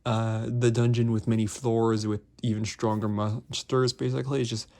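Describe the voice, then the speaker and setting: A man's voice: medium pitch, level tone, moderate pace, dark tone. A young man giving a casual, rambling book review, packed with fillers and restarts. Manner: rambling, heavy on fillers like "like" and "basically".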